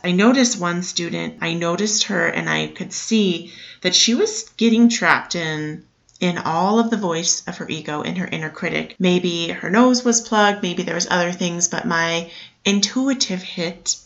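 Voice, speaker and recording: A woman's voice: on the low side, gravelly, a bit bright, highs cut off. A woman, likely in her thirties, who teaches yoga, talking casually and rambling, with frequent asides to her listeners. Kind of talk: casual spoken talk to listeners.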